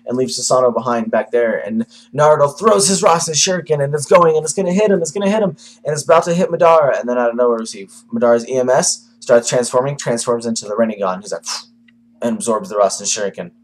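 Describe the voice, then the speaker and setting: A man's voice: mid-range voice, quick pace. A man giving a casual manga review to camera, rambling with lots of fillers and the odd swear.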